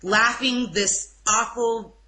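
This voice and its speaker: A young woman giving an emotional personal testimony in an informal interview, speaking haltingly with restarts. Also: a little high, fairly even intonation, bright, forceful tone, low-quality recording. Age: young adult. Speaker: interview guest.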